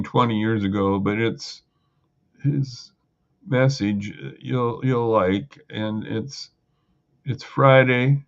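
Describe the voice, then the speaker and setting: A man's voice: mid-range voice, vocal fry. A man hosting a show, giving a hesitant, casual introduction with many restarts. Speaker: show host. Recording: dull lo-fi sound.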